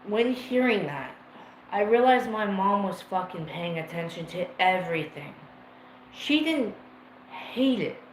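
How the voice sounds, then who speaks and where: A man's voice: sits high, very animated, a little slow. A man hosting a livestream, telling a personal story in a rambling, emotional way and swearing freely. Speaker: livestream host. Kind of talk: casual storytelling to a live chat. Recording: roomy echo with faint ambient noise.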